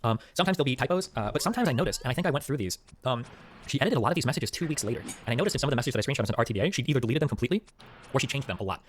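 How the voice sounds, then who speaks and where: Fast-talking male streamer, rambling. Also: mid-range voice, animated, slight background noise. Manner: rambling, profane, repeats "okay?". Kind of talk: casual live-stream monologue.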